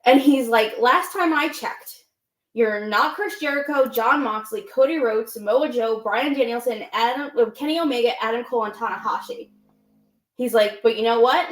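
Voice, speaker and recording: A woman co-hosting a wrestling chat show, retelling a promo line by line and slipping into the speakers' quoted words. Her voice sits a little high and carries the echo of a roomy space. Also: normal speed. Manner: recaps promos with quoted impressions. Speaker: podcast co-host.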